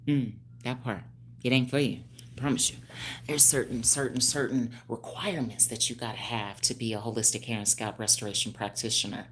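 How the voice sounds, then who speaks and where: A woman in her fifties, a hairstylist speaking on a phone livestream, animated and preachy with frequent laughs. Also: extremely low pitch, a little fast, slight background noise. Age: 50s. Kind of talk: casual livestream talk.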